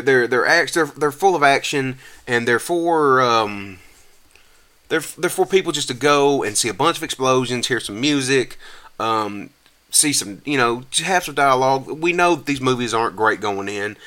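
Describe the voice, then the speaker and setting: A man, hosting a podcast and ranting casually about a movie he just saw, rambling and restarting often and climbing higher when exasperated. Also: fairly bright tone. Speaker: podcast host reviewing a movie. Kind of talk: casual rant.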